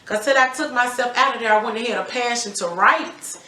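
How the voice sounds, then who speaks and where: A woman's voice: a little high, fairly quick, bright, forceful tone. A middle-aged woman giving an emphatic, candid personal testimony about her life, swearing freely. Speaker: guest telling her life story. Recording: roomy echo.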